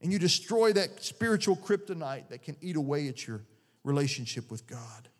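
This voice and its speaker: A man's voice: fairly high pitch, sing-song, moderate pace. Middle-aged male pastor, earnest and conversational, in a big echoing church. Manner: earnest, conversational preaching with many restarts. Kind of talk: sermon. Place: church sanctuary. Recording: long reverb of a large hall.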